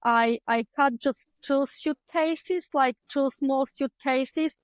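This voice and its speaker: A woman's voice: high-pitched, takes it slowly, dry recording, low-quality recording. A woman with a Bulgarian accent, not a native English speaker, telling her story as a guest with earnest, heartfelt hesitations. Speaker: guest, clinical psychologist. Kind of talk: candid personal storytelling.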